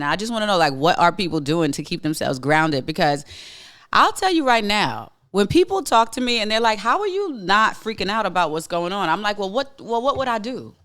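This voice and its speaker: With a high-pitched, slightly bright and smooth voice, a man runs a laid-back monologue podcast. He talks bluntly and with emphasis, repeats himself to drive points home, and keeps restarting sentences amid plenty of filler words.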